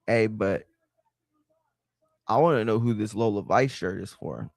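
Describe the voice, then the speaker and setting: A man hosting a wrestling live stream, ranting in a heated, profane way and swinging between loud outbursts and low muttering. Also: unhurried, gravelly, dry recording. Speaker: livestream host.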